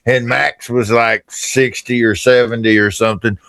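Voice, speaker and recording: A man's voice: medium pitch, fairly even intonation, moderate pace, a bit bright. A man hosting a podcast, chatting casually and telling a joking story. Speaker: podcast host. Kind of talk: casual interview chat.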